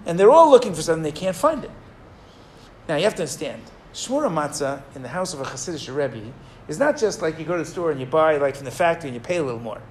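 A man teaching a Torah class, telling a story in an animated, digressive way and acting out the people in it. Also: fairly high pitch, fast talker, slight background noise. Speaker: rabbi teaching.

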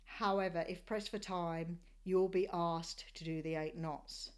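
A woman's voice: lowish voice, steady tone, a little mellow, clear, resonant tone. Woman narrating a sailing voyage. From Australia. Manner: measured, descriptive storytelling. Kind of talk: scripted travel narration.

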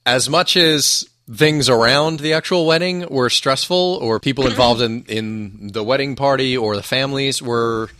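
A man's voice: medium pitch, moderate pace, few pauses, sharp tone, no room sound. A man hosting a podcast, asking questions and joking along in casual chat. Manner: interviewing, joking and laughing along. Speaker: podcast host.

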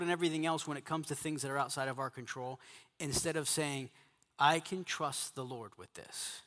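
A man's voice: medium pitch, moderate pace, a bit bright, in a large hall. A middle-aged male pastor preaching emphatically to men, repeating his key phrases. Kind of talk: sermon to a men's gathering.

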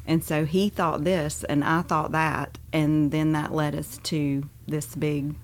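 A woman chatting casually about marriage, friendly and quick to laugh. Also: deep voice, little pitch movement. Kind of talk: casual chat.

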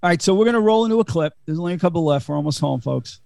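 A man's voice: fairly high pitch, lively intonation, very fast, vocal fry, heavy background noise. A man hosting a podcast, giving a casual, chatty film recap full of fillers and laughs. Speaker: podcast host.

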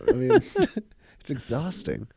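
A man's voice: on the high side, wildly swooping pitch, takes it slowly, gravelly, warm tone, breathy edge, dry recording. A man co-hosting a casual chat, laid-back and dry, swearing casually. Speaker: podcast co-host.

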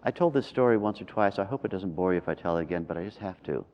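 A man, a meditation teacher, telling a personal story in a calm, measured and reflective way. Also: deep voice. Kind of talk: storytelling in a talk. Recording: dull lo-fi recording.

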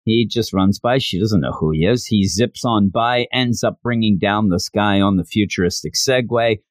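A man's voice: lowish voice, moderate pace, no room sound. A man casually recapping a story, chatty and joking with lots of fillers. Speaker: reviewer.

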